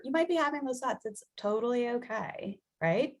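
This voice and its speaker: A woman's voice: on the high side, lively intonation, a little fast, hardly any pauses. A woman psychologist giving a conversational webinar presentation over a video call, often checking in with her listeners. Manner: conversational, keeps checking in with "right?".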